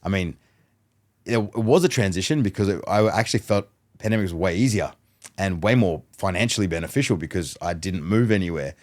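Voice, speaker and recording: A man, a mentalist guest on a podcast, chatting casually and telling animated stories that act out both sides of a conversation. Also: sits low, brisk. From Australia. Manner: animated storyteller who acts out dialogue.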